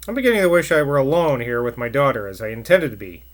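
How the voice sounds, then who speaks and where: A man voicing an elderly nobleman with a gruff, aloof manner. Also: medium pitch, sing-song, fast, lightly acted. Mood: wry. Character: an elderly nobleman, dry and weary.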